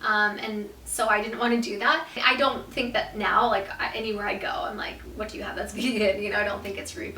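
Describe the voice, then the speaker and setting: Young woman vlogger, bright slightly high voice, chatty storyteller, roomy echo, a bit off-mic. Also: far from the mic, slight background noise. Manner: animated, swearing, lots of "like", laughs through story. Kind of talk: storytime vlog.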